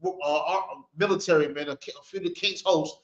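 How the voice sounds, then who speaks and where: A man's voice: on the high side, fairly even intonation, a little fast. A man teaching scripture, preaching with fiery, repetitive rhetorical questions, outdoors on a street corner. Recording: echoey, dull sound.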